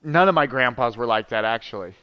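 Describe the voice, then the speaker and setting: Chatty man with a smooth clear voice. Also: medium pitch, animated, a little fast, no room sound, dull audio. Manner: rambling, chatty, lots of fillers and asides to chat. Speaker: gaming streamer. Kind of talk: casual storytelling while gaming.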